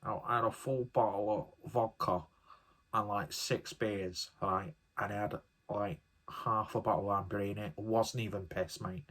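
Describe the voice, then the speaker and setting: Cocky Mancunian teenage lad, as a man puts him on, bragging, boastful, a lowish voice, changed tone. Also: steady tone, a little slow, a bit bright.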